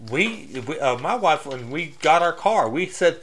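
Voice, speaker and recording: A man's voice: on the high side, expressive, normal speed, few pauses. A man giving a casual, blunt faith talk, preaching straight with many restarts and loose grammar. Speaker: Christian speaker.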